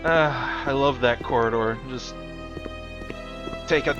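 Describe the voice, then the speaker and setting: A man's voice: medium pitch, slow, over music. A man who made the game, chatting casually on a stream and explaining its levels, with plenty of fillers. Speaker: game developer hosting a stream.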